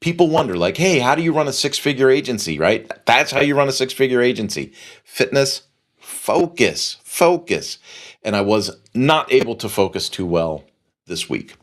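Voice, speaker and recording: A man's voice: mid-range voice, very animated, a little fast. A middle-aged man hosting a podcast, telling a long story in a casual, rambling way and repeating phrases for emphasis. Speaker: podcast host.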